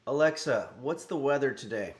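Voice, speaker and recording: A middle-aged man hosting a cooking livestream, talking in a deadpan, halting way with frequent fillers. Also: mid-range voice. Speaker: cooking stream host. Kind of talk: casual livestream chat.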